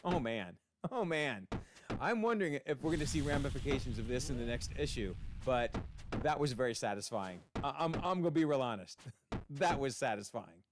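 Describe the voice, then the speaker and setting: A man from Canada, a channel host recapping a comic book in an excitable, animated way. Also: medium pitch, moderate pace, noisy background.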